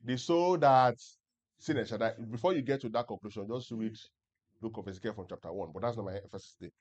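Pastor preaching with call-and-response. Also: male voice, lowish voice, fast talker, a little mellow, muffled recording. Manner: keeps asking the congregation if they follow; leads the congregation in reading scripture aloud. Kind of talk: sermon. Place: church service with a congregation.

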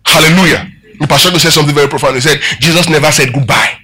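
A man's voice: on the high side, fast, bright, forceful tone, breathy edge, low-quality recording. A man preaching a sermon to a congregation, asking them questions and having them repeat lines after him. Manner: preaching with call-and-response and rhetorical questions. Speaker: pastor.

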